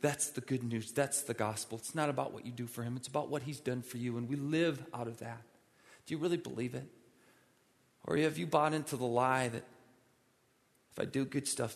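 Medium in pitch and marked by vocal fry, the pastor preaches urgently and imploringly, returning to his points again and again. Sound rings with the lingering reverb of a big church sanctuary.

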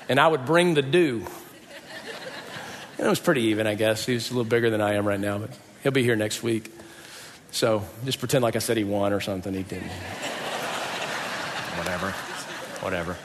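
A man's voice: medium pitch, a little fast, fairly bright tone, slight background noise. A man preaching a sermon, emphatic and repeating rhetorical questions. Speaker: pastor. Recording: long reverb of a large hall.

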